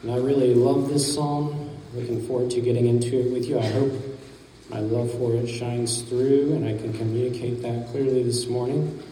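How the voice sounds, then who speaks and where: Male pastor, conversational sermon, dark mellow tone, distant mic in a roomy church. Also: mid-range voice, normal speed, slight background noise. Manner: conversational storytelling, relaxed with fillers. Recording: distant mic in a reverberant hall.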